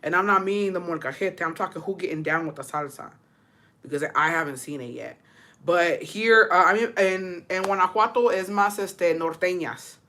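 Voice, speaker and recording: A Texas streamer with a lowish, pushed and bright voice spins a story for her live chat. She curses freely, flips between English and Spanish, and breaks into quick laughs.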